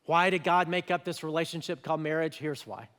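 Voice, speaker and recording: High-voiced pastor preaching in a hall. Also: male voice, fairly quick, clean tone. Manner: conversational, animated, with voiced asides. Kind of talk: sermon. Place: church auditorium. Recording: church hall with long reverb.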